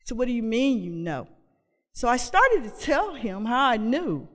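Telling an audience about her recovery, this woman speaks with a high, somewhat bright voice, large pitch swings, and a slightly slow pace. She's frank and conversational, frequently restarting and repeating phrases, and the recording has a large hall's long reverb.

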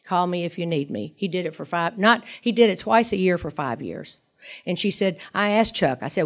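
A woman's voice: lowish voice, expressive, brisk. Rambling middle-aged woman telling her story. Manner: rambling storyteller, many asides and acted quotes. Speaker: recovery meeting speaker. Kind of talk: personal recovery talk.

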